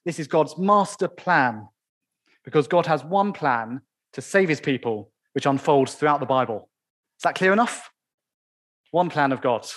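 A man preaching a sermon in church, stressing key phrases slowly and asking the congregation rhetorical questions. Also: on the high side, lively intonation, a bit bright.

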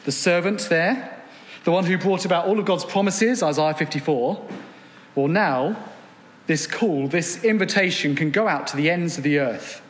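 A man's voice: fairly high pitch, normal speed, slight background noise. A man preaching an evening sermon, earnest, reading scripture aloud and asking rhetorical questions. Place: church gathering room. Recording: long hall reverb.

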